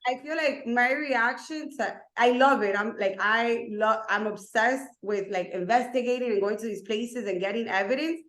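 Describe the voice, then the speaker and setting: A woman's voice: fairly high pitch, moderate pace, hardly any pauses, a bit bright. A woman from South Florida, a paranormal investigator guest, chatting casually and very expressively, laughing and swearing. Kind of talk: casual podcast chat.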